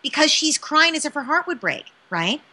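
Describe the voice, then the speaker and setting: A woman speaking as a parenting expert in an interview, animated and often checking in with "right?". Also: sits high, moderate pace. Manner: animated, keeps asking "right?". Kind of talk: interview answer, advice.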